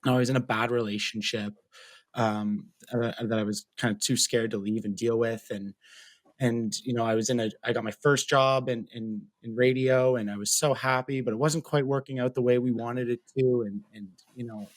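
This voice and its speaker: A man's voice: mid-range voice, fairly even intonation, moderate pace, no echo. A young man with a Canadian accent, earnestly telling his personal story as an interview guest, talking freely with many fillers. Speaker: guest, mental health advocate.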